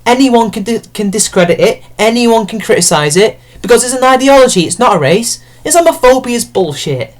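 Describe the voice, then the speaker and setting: A man's voice: very high voice, lively intonation, a little fast. Sarcastic, swearing man ranting. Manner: sarcastic, profane and exasperated. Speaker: online commentator. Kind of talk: ranting commentary on an article.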